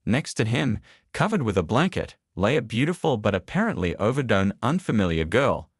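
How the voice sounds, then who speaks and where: A man narrating a scripted story with a steady storytelling delivery. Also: fairly low pitch, moderate pace, breathy edge, no room sound, studio quality.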